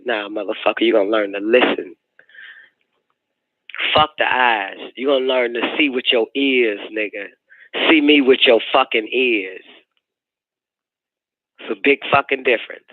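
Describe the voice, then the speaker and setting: A man's voice: medium pitch, unhurried, pauses often, no echo. A man hosting a call-in radio show, delivering a profane, preachy monologue and repeating his points. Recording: dry, narrow phone-like sound.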